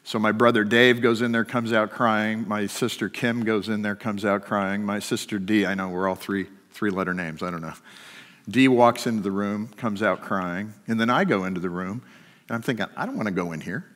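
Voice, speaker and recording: A middle-aged man telling a personal story during a sermon, shifting between lively and hushed. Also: fairly low pitch, moderate pace. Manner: storytelling, swings from animated to hushed. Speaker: guest speaker. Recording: long hall reverb.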